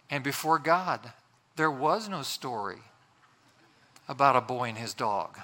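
Guy preaching a sermon, earnest and conversational, bright edgy voice, echoey big church. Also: a little high, lively intonation, a little slow, pauses often. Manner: earnest, conversational, frequent restarts. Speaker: pastor.

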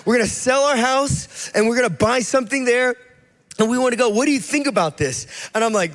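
A man's voice: very high voice, a little fast. A man in his thirties giving a sermon as a guest preacher, telling stories casually and acting out the people he quotes. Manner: casual storytelling, quotes people in lively voices. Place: church hall. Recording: long hall reverb.

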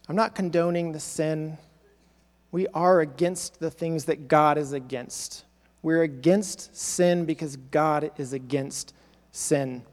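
A man's voice: on the high side, slow pace, darkish tone, long reverb tail. A male pastor preaching a sermon, acting out quoted voices with emphatic repetition.

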